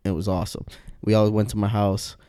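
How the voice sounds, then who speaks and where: Young man, podcast host, mellow dark tone, dry close sound, rambling, swearing, filler-heavy. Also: on the low side, flat delivery, brisk, clear, resonant tone, no echo. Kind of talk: casual podcast chat.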